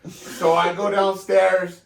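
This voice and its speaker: A man's voice: sits high, flat delivery, takes it slowly, vocal fry. A man co-hosting a podcast, telling a profane story casually and laughing often. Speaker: podcast co-host. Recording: echoey room, mic at a distance.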